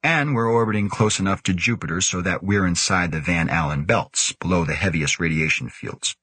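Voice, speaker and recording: A man's voice: low voice, normal speed, sharp tone, breathy edge, dry recording, exaggerated voice. A man reading the part of a sardonic, offhand older male biophysicist aboard a space station. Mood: wry.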